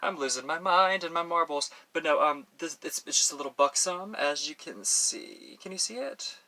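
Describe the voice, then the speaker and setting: Texas guy chatting while doing his makeup, kinda high bright voice, rambly, lots of ums and restarts. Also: normal speed. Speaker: beauty vlogger. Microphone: professional audio on camera.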